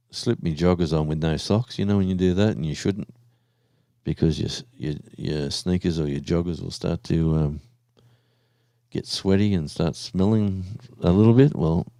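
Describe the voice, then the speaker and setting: Deep-voiced Australian man streaming live. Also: creaky, mellow, no room sound, studio quality. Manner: rambling, chatty, easygoing. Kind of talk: casual live stream chat.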